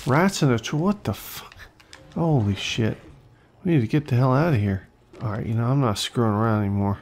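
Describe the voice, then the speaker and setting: Excitable gravelly gamer man. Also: mid-range voice, a little fast, a little hiss or hum. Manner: excitable, swearing, talks to enemies. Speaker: let's play host. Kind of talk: casual gameplay commentary.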